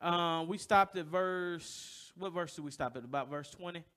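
Bright high-voiced preacher man. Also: normal speed. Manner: storytelling, rhetorical questions to the congregation; acts out voices in stories, loud bursts. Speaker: pastor. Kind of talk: sermon. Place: church.

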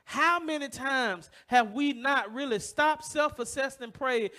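Bright high-voiced preacher man. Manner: storytelling, rhetorical questions to the congregation; acts out voices in stories, loud bursts. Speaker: pastor. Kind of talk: sermon. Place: church.

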